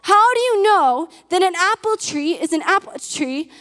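A woman preaches with a high voice and an earnest, emphatic delivery, often turning questions on her audience. Her words ring out through a large hall with a long echo behind them. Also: lively intonation, normal speed, a bit bright. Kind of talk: sermon.

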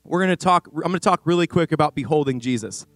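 An animated man preaches from a church stage, his voice sitting high for a man. He talks with restless energy, trailing into asides. Faint music runs under his words. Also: fast talker. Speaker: youth pastor. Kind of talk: sermon. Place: church stage before a congregation.

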